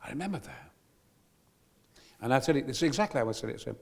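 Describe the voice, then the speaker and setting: Booming, theatrical older man. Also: very animated, rapid-fire, vocal fry, pauses often, darkish tone, husky. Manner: exuberant, theatrical storyteller, sudden booming outbursts. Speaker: guest actor. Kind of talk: live onstage anecdote. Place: cinema stage at a live event.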